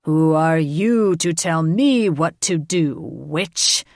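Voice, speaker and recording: A woman voicing an arrogant male dragon king who speaks slowly, loudly and with menace. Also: on the low side, no echo, clean studio sound. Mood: menacing. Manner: growling, slow and commanding.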